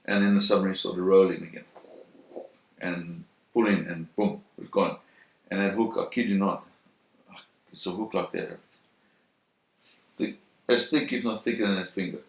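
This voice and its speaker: A man in an interview telling a first-hand story in a vivid, animated way, acting out the sounds and voices. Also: deep voice, normal speed, vocal fry, pauses often. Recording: roomy echo.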